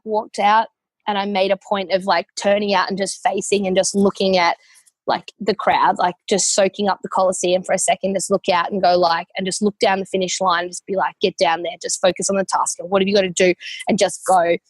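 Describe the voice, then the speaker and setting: A woman's voice: mid-range voice, level tone, a little fast, dry recording. A young adult woman with an Australian accent, a podcast guest telling her story in a heartfelt, rambling way full of fillers. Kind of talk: casual interview.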